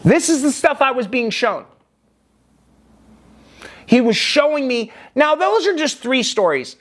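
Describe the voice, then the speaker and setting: A man's voice: very high voice, very animated, a little slow. A man telling a personal story in a vlog, rambling and emphatic with frequent restarts. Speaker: vlogger.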